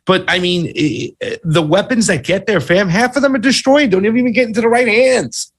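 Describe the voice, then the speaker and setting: A man's voice: high-pitched, normal speed, few pauses. A man co-hosting a political commentary show, blunt and exasperated, with slangy asides. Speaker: co-host.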